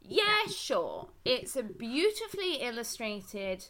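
A woman's voice: fairly high pitch, very animated, slow pace, pushed and bright. A young English woman in casual chat, sardonic and sweary, acting out little quotes. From England.

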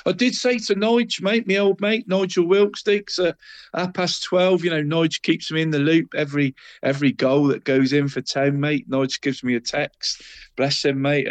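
A man co-hosting a casual football podcast, chatty and calling his partner mate in every sentence. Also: a little high. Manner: chatty, peppers talk with "mate" and the co-host's name. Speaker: co-host.

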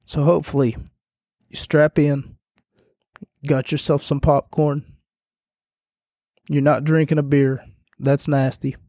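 A man hosting a casual solo podcast, talking in a monotone while losing his voice and sounding hoarse. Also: on the high side, slow pace, long pauses, no room sound, clean studio sound. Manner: monotone delivery. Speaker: podcast host.

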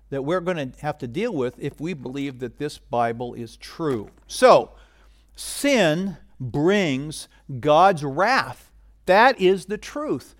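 A middle-aged man preaching a sermon as pastor, animated and getting loud for emphasis. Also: on the high side.

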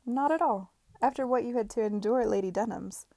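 A woman's voice: on the high side, fairly quick, vocal fry, dark tone, no echo, clean studio sound. Woman reading a kind, soothing young woman. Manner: soothing and encouraging.

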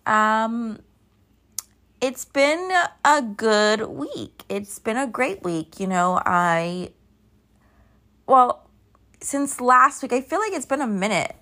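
A woman's voice: on the high side, expressive, slow, long pauses, pushed and bright. A woman in her thirties hosting a podcast, chatting casually and sleepily, rambling and drifting off track. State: sleepy, yawning. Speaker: podcast host. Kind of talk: casual solo chat.

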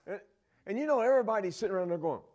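A man's voice: high voice, animated, racing, a little mellow. A middle-aged man from the Dallas area preaching a sermon, retelling Bible scenes and acting out the voices of the disciples. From Dallas area, Texas.

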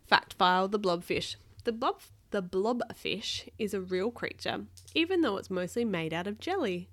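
A woman's voice: mid-range voice, animated, moderate pace, few pauses, a bit bright. A woman reading a storybook aloud to a child, with patient, chatty asides between pages.

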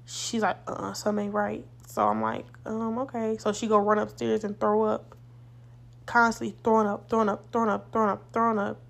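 A woman's voice: medium pitch, a little fast, vocal fry. A young woman hosting a podcast, telling a casual storytime monologue in a blunt, profane, rambling way. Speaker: podcast host.

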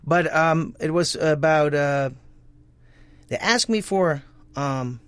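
A man's voice: a little high, slow pace, clean tone, no room sound. A man with a Dutch accent, a voice actor and guest talking casually in an interview, with many restarts and repeated words. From Netherlands.

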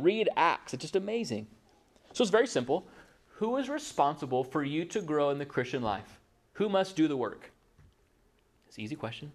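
A male pastor preaching with a voice that sits a little high and swings widely up and down. He keeps asking the room rhetorical questions and slips in quick acted-out exchanges. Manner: animated preaching, rhetorical questions, acts out dialogue. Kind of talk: sermon.

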